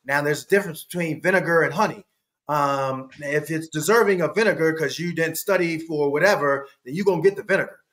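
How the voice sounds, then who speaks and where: A man talking as a podcast guest in a casual storytelling style. He is animated and laughs often, swinging his pitch up when he acts out quotes. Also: fairly quick.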